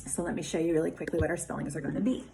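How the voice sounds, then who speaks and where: A woman teaching a remote phonics lesson, sounding out words slowly and clearly and praising her pupils. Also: deep voice, fairly even intonation, background noise. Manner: slow, clearly enunciated, encouraging teacher talk.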